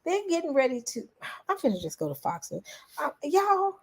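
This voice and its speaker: A woman, a vlogger giving lively reaction commentary and talking straight to her viewers. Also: high-pitched, moderate pace. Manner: animated, exclaiming, addresses viewers as y'all.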